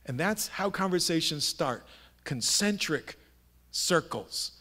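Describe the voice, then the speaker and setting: A middle-aged pastor delivers a sermon in a fairly high male voice. He preaches like he is telling stories to friends and keeps tossing rhetorical questions at the congregation. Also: moderate pace, fairly bright tone. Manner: conversational storytelling with rhetorical questions. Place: church sanctuary.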